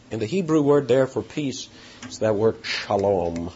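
Animated preacher man, dull lo-fi recording. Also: a little hiss or hum. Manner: animated, pitch jumping up on emphasis, halting restarts. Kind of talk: sermon. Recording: dull lo-fi sound.

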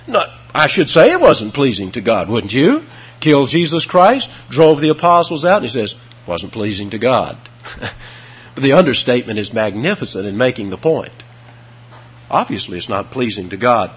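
A man preaching an expository sermon, emphatic, with dramatic swings in pitch and loudness, on a dull lo-fi recording. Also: breathy edge.

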